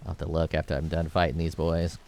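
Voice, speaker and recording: A man's voice: a bass voice, monotone, fast talker, gravelly, darkish tone, slight background noise. A man giving casual gameplay commentary, thinking aloud as he plays and rambling into jokes with the odd curse. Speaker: gameplay video creator.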